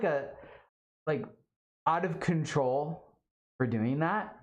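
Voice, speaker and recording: Speaking slowly in a low voice, a young woman chats casually on a livestream, reading out viewer comments and filling her talk with "um" and "like."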